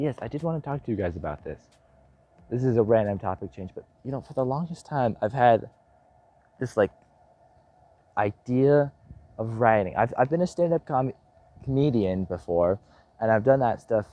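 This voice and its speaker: In a casual vlog update, a young adult man in missionary training tells stories in an animated, self-deprecating way, acting out what people said. His voice sits on the low side.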